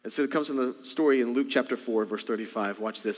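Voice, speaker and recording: Talking quickly at a medium pitch, this pastor addresses his congregation casually, mixing in humor and rhetorical questions. The recording, made in a church sanctuary, carries a big hall's long echo.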